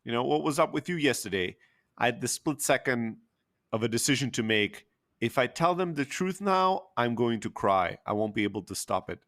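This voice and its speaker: A man's voice: mid-range voice, animated, moderate pace, fairly bright tone. A man telling an emotional personal story candidly, with frequent fillers and the odd swear word.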